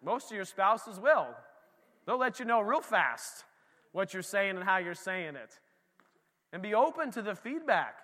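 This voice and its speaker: A man preaching a casual sermon as pastor, animated and talking straight to the congregation. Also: sits high, unhurried, long reverb tail.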